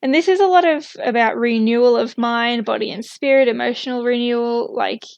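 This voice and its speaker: Young woman, tarot reader, casual chatty delivery, fillers and little laughs, slightly high voice, dry close sound. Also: a little fast, vocal fry, a little mellow, dry recording, lo-fi sound.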